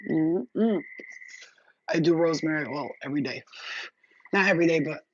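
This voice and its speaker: A woman's voice: low voice, normal speed, a little hiss or hum. A middle-aged woman vlogging to her viewers in a casual, blunt chat, swearing freely as she talks on. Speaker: spiritual reader and vlogger. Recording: dull lo-fi audio.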